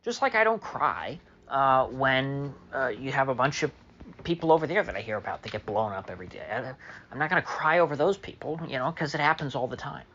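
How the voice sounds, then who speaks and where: A man's voice: mid-range voice, expressive, a little fast, a bit bright, lo-fi sound, slight background noise. A man delivering a solo opinion monologue as a political commentator, sarcastic and mocking, with many fillers.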